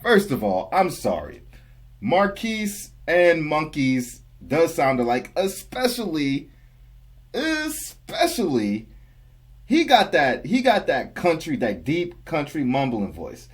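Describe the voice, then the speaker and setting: A young man with a husky, slightly higher voice talks through a reaction video. His pitch swings widely as he laughs and jokes back at the clip. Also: wildly swooping pitch, takes it slowly. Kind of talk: casual reaction commentary.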